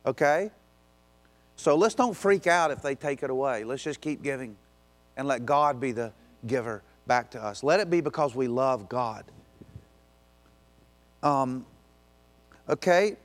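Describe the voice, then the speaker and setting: A man pastor preaching a sermon in a conversational way, slipping into quick acted asides and pressing his listeners with urgent exhortations. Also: mid-range voice.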